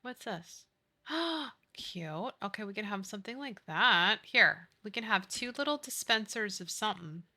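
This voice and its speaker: A woman's voice: medium pitch, lively intonation, a little slow, pushed and bright. A young woman streaming a building game, chatting casually with friends and viewers, giggly and swearing freely. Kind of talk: casual live-stream chat while gaming.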